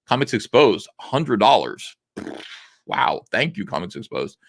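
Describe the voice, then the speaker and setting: A man's voice: mid-range voice, big pitch swings, measured pace, vocal fry, no echo, clean studio sound. A man hosting a casual livestream, reading viewer comments aloud and answering them with frequent "uh" fillers. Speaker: livestream host reading chat.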